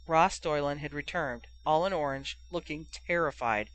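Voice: mid-range voice, normal speed, a bit bright, low-quality recording. A narrator reading a chapter of fan fiction aloud, telling the story steadily and giving each character a voice. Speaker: audiobook narrator.

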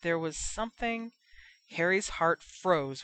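Woman, audiobook narrator, even and measured, fan fiction reading. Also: on the low side. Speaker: audiobook reader.

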